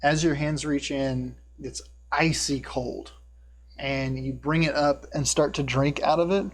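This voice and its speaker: A man narrating a tabletop game as game master and hosting a live stream, talking casually with many fillers and a hushed tone for eerie scenes. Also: on the high side, steady tone, a little slow. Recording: faint buzzing hum in the background.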